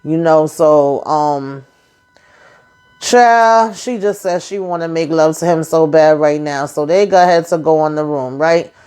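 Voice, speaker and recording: Woman recap host, casual, slightly low voice, animated, blunt and profane, acts out scenes. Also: a little slow, clear, resonant tone.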